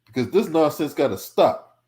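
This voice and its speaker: Man, angry political reaction stream, confrontational, profane, somewhat high pitch. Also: lively intonation, normal speed, a little mellow. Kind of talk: heated reaction commentary.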